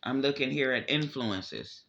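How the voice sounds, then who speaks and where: A man reads tarot in a casual, spiritual way, speaking unhurriedly in a creaky, fairly bright voice. He is emphatic and profane, his pitch drifts, and the audio is dull and lo-fi.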